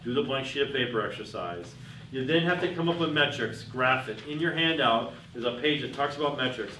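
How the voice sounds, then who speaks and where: A man's voice: medium pitch, animated, a little fast, pushed and bright. A man giving a workshop talk to an audience, telling anecdotes and putting questions to the room. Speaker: business speaker. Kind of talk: workshop talk with told stories. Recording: roomy, far from the mic, faint noise.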